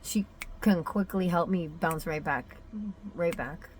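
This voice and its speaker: Young mom venting on her vlog, kinda low voice, lots of ums and restarts. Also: takes it slowly, slight background noise. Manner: confessional and emotional, with many fillers and restarts. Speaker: mother sharing a personal story. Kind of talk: candid personal vlog.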